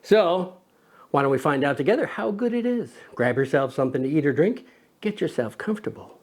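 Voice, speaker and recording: A man with a slightly high voice hosts a casual lens review show, talking briskly and animatedly over background noise. He's playful and jokey, chatting with his toddler co-host.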